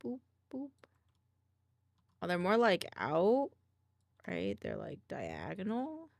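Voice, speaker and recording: A woman's voice: lowish voice, huge pitch swings, slow pace, vocal fry, no echo, clean studio sound. A woman streamer chatting casually while she draws, murmuring half to herself and making little sound effects.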